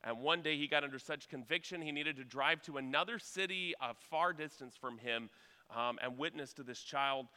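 A male preacher delivers a sermon, moving from earnest storytelling to urgent exhortation. His voice is fairly high and very bright. It rings out in a church hall with a long echo. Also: normal speed, clean tone.

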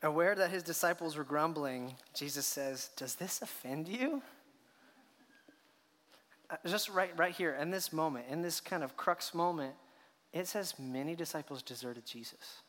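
A man's voice: fairly high pitch, expressive, a little slow, a bit bright. A man preaching a sermon as a pastor, telling the story with rhetorical questions and acted reactions. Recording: long hall reverb.

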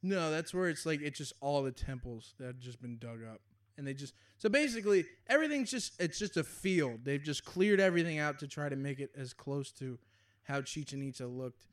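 A man's voice: a little high, animated, a little fast. A young man in casual chat, laid-back and profane, laughing often.

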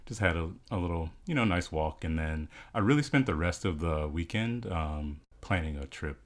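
A man with a very deep voice co-hosting a relaxed podcast chat. He talks in an easygoing way and laughs often. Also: moderate pace. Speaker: podcast co-host. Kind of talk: casual chat.

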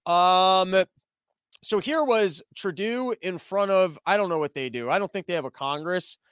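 A man's voice: high voice, unhurried, a bit bright, smooth, no echo. A man hosting a comedy podcast, riffing sarcastically on the news with stammered restarts. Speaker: podcast host. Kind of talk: comedic commentary on a livestreamed podcast. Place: small room that is not soundproofed.

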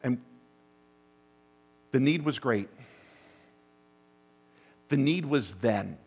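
A middle-aged man preaching a sermon, telling a story that drops to hushed asides and rises to urgent bursts. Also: mid-range voice, lively intonation, very slow, slightly rough. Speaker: pastor. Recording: long hall reverb.

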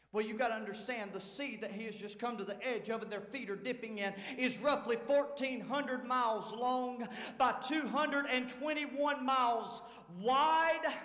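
A man preaching a sermon as pastor, dramatic, swinging from shouts to hushed tones. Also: very high voice. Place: large church sanctuary. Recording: echoey hall with long reverb.

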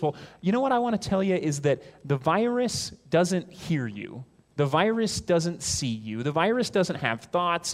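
Man preaching an emphatic sermon. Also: a little high. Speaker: pastor.

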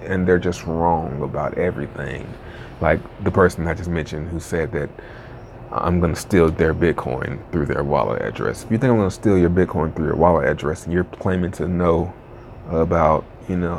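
A man's voice: sits low, vocal fry, darkish tone, slight background noise. A man ranting casually in a vlog, rambling and frustrated, with many restarts. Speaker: crypto video creator.

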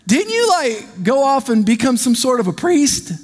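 A laid-back, slangy young man who can't believe what he's seeing, his voice set high, as a preacher acts him out. He sounds incredulous and casual. The long reverb of a large hall trails behind him. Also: sing-song, normal speed, full character voice. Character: surprised casual male acquaintance, young adult.

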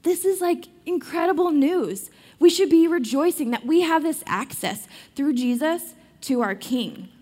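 A woman's voice: sits high, animated, a little slow, hardly any pauses, darkish tone. A young adult woman giving a casual devotional talk on a Bible story, chatty, with many fillers and restarts. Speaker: Bible study speaker.

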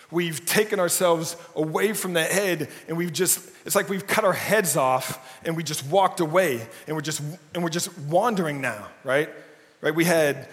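A man's voice: a little high, fairly bright tone, long reverb tail. A man preaching a casual, humorous sermon, often checking in with "right?". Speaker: pastor. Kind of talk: conversational sermon. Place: church sanctuary.

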